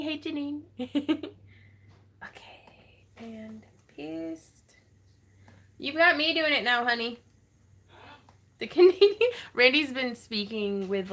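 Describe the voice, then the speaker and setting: A woman hosting a casual crafting livestream, chatty and greeting viewers by name, laughing often. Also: fairly high pitch. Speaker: livestream host.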